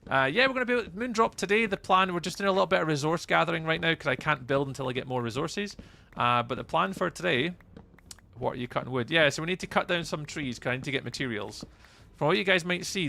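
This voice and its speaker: A man's voice: fairly high pitch, fast talker, gravelly, sharp tone. A young Scottish man casually chatting through a live game stream, rambling and greeting his chat by name. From Scotland. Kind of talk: live gameplay commentary.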